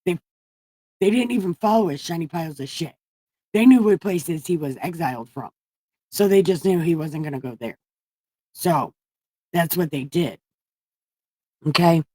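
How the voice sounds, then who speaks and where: A woman with a somewhat low voice hosts a casual livestream from a room at home. She retells scripture with profanity and jokes, rambling as she goes. The sound is dry and close. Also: lively intonation, normal speed, pauses often, mellow, no room sound. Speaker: livestream host. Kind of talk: irreverent casual Bible retelling.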